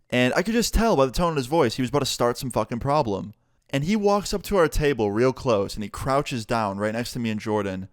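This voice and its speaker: Young man telling a storytime, smooth and dry. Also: medium pitch, fairly quick, no echo. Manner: casual and animated, swears freely. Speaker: vlogger. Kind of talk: storytime vlog.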